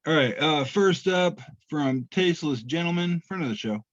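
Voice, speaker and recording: A man's voice: fairly high pitch, lively intonation, normal speed, no echo. Man, podcast co-host, laid-back, self-deprecating, muffled, dry sound. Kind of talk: casual chat reading memes aloud.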